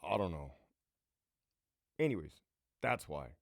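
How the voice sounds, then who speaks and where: In a dry, studio-quality recording, a late-thirties man from Southern California, a channel host and former prison guard, casually tells rambling, profane stories from his own life. His voice is low with big pitch swings, a measured pace, and some vocal fry.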